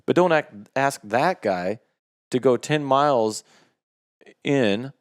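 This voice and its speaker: A man co-hosting a podcast in casual chat, relaxed and reflective. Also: medium pitch, slow, no echo, studio quality. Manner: relaxed, reflective, laughs and backchannels. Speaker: podcast co-host.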